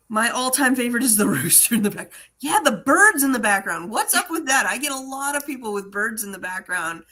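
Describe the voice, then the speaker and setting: A chatty American woman hosting a live Q&A about online selling. Her voice is bright and forceful, and her talk is animated and full of laughter. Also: medium pitch, fairly quick, hardly any pauses. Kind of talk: casual live Q&A chat.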